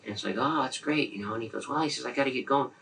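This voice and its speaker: A man rattling off a story in an interview, acting out the quoted lines with animation. His voice is gravelly and husky, with a sharp edge. He sounds a little far from the mic. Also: mid-range voice, very fast. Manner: animated, acts out quoted dialogue. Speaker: interviewee, friend. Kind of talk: anecdotal storytelling.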